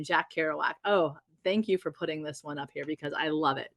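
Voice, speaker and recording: A woman's voice: deep voice, fairly quick, creaky, few pauses, fairly bright tone, no room sound. A woman hosting a podcast interview, effusive and gushing, often laughing as she talks. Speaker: podcast host. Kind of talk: enthusiastic interview chat.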